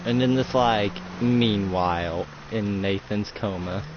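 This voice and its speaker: A young man improvising a roleplay story with excitement, swearing and acting out fight noises. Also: lowish voice, slow pace, noisy background. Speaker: roleplay player. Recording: muffled lo-fi recording with music behind.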